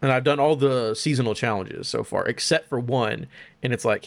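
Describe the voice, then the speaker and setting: A young man hosting a podcast, chatting casually about video games in an animated, profane, joking way. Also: mid-range voice, normal speed, vocal fry, no room sound. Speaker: podcast host.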